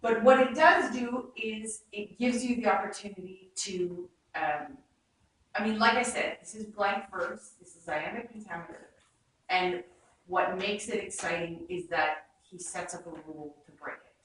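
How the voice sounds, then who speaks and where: A woman's voice: mid-range voice, normal speed, a bit bright. Woman teaching verse in an echoey room. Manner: explains with demonstrations and quoted verse, chatty. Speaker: acting workshop teacher. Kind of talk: teaching a Shakespeare workshop. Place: rehearsal room. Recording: echoey room, far from the mic.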